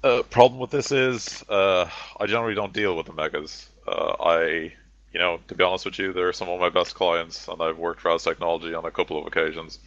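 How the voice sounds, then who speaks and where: A shady male information broker, cool and matter-of-fact, as a man puts him on in a tabletop game. His voice sits deep and low with a forceful brightness. The recording is dull, lo-fi and dry. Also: level tone, brisk, no room sound. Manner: laconic, matter-of-fact, calls others kid.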